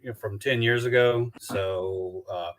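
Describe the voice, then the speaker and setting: A man from Alabama with a Southern accent, chatting loosely on a video call about his documentary work, halting with many restarts and fillers. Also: fairly low pitch, fairly even intonation, fairly bright tone. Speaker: documentary filmmaker guest. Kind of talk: casual live-stream chat.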